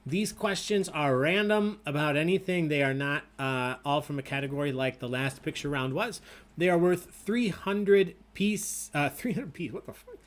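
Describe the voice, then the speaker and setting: A young man with a somewhat high voice hosts a live online trivia game. He reads the questions in a loose, casual way and keeps wandering into chatter and jokes. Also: normal speed. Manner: chatty, easily sidetracked, swears and laughs. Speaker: trivia host. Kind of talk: casual livestream trivia hosting.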